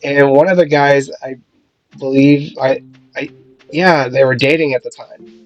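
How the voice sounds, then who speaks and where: A man co-hosting a gaming video, chatting casually and telling stories with lively acted-out quotes. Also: medium pitch, a little slow, no room sound, soft background music, poor audio. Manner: lively storyteller, acts out quotes. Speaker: gaming channel co-host. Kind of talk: casual chat while playing a game.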